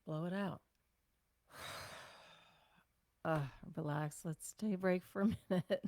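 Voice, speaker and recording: An older woman leading a self-care class, giving gentle, unhurried instructions with sighs and breathing cues. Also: on the low side, steady tone. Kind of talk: guided self-massage class.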